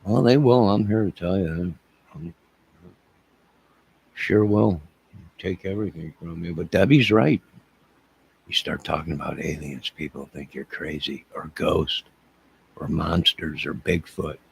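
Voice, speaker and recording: A man's voice: deep voice, unhurried, gravelly, pauses often, slightly rough. A middle-aged man hosting a livestream, talking in an emotional, repetitive way and addressing his chat. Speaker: channel host. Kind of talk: rambling livestream talk.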